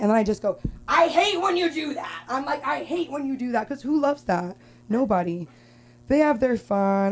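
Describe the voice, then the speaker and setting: A young woman from Los Angeles performing a rambling stand-up comedy set at an open mic, with filler-heavy talk and sudden loud outbursts. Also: medium pitch.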